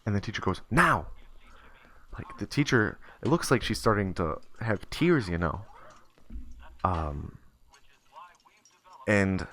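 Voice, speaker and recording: Young male streamer, low voice, rambling storyteller with filler words, squeaks for side characters. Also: lively intonation, measured pace, pauses often, fairly bright tone. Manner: rambling with many fillers and restarts; acts out the kid and teacher in high squeaky voices. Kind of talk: casual storytelling while gaming.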